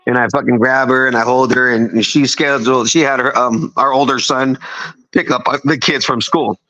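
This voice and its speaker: A fifty-year-old man who tells his story in a rambling, emphatic way, swearing freely. His voice is at a middling pitch for a man. The sound is a little dull and lo-fi. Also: fairly even intonation, moderate pace, sharp tone. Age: 50s. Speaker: podcast guest. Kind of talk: casual storytelling.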